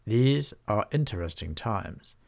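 Guy doing a calm serious sword hero, low steady storybook voice. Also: creaky, exaggerated voice. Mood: grave. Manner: measured, grave.

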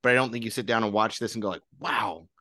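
A man's voice: fairly low pitch, steady tone, very fast, bright, forceful tone, no room sound, studio quality. A man co-hosting a casual film-review chat, rambling and dismissive. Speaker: podcast co-host, film reviewer.

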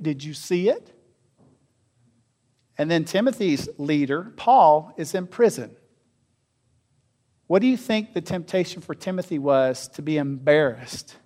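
A man preaching a sermon as pastor, asking his listeners questions and swinging between loud and quiet. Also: fairly high pitch. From North America. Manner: asks the congregation questions, varies loudness widely.

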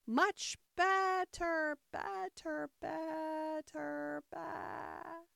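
Muddled, fretful old queen who squeals high; storybook reading, dry and close. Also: fairly even intonation, drawn-out words, vocal fry, fairly bright tone, dry recording, heavily acted. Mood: fussing. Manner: shrill squeaky screams and fretful wailing. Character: flustered, scatterbrained old White Queen.

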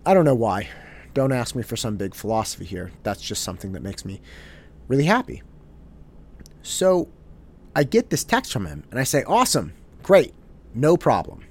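A man speaks in a reflective storytelling monologue. His pitch sits in the middle, but his voice rises and falls a lot. He sounds candid and self-deprecating. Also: sing-song, normal speed, long pauses. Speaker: podcast host.

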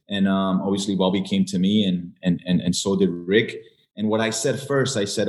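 A man who is a football coach, answering interview questions in a relaxed way with frequent restarts. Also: deep voice, normal speed.

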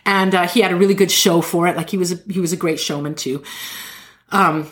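A woman hosting a podcast, telling a story in casual chat and acting out quotes with jumps in pitch. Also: fairly quick. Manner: animated, acts out quotes with shifting pitch. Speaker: podcast host.

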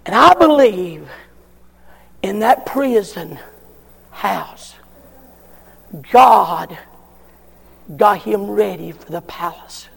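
High, gravelly preacher in a hall. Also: male voice, lively intonation, very slow, long pauses. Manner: folksy, building to shouted peaks. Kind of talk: sermon.

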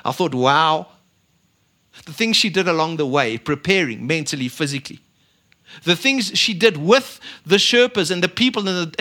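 A middle-aged man preaching a sermon, swinging between loud emphasis and quiet asides. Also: high-pitched. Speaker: pastor.

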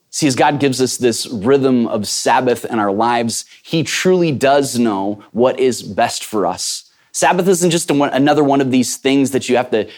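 A middle-aged male pastor preaching a sermon in a conversational, emphatic way, with frequent fillers and restarts. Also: medium pitch.

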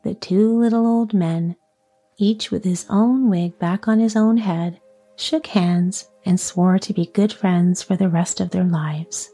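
A woman reading a children's story aloud as a storyteller, with calm, measured narration. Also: on the low side, faint music behind.

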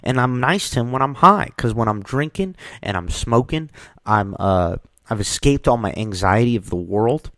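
A man's voice: mid-range voice, lively intonation, moderate pace, fairly bright tone, no echo, studio quality, voice pushed up. A man voicing a streetwise older chess hustler in his fifties who gripes in a laid-back, complaining way. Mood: indignant.

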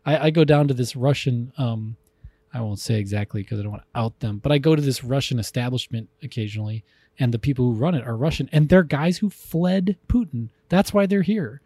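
A man's voice: mid-range voice, a little fast, dark tone, breathy edge, no room sound. A man co-hosting a podcast, chatting casually, rambling and enthusiastic with frequent restarts. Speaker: podcast co-host. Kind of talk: casual chat.

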